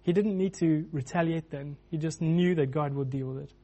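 A man's voice: on the high side, moderate pace, warm tone. A man preaching a sermon in a loose, conversational way, with many restarts and filler words.

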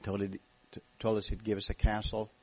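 An American man speaking as a guest minister at a church meeting, telling his story in a relaxed, joking way. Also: fairly low pitch, a little fast, poor audio. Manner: jokey, relaxed storytelling with restarts. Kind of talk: church talk, testimony.

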